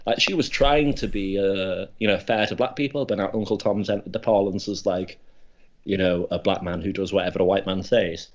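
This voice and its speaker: A man rambles through absurd tangents in a halting deadpan, restarting sentences as he goes. His voice sits fairly low, and the recording sounds dull and lo-fi. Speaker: podcast co-host. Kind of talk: absurdist comedy chat. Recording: dull lo-fi podcast audio.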